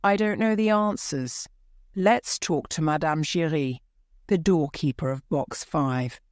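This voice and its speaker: A woman voicing a tired, calm male opera director who tries to settle his partner down, in a storybook reading. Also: deep voice, measured pace, no room sound, studio quality. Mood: weary. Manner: tired, placating.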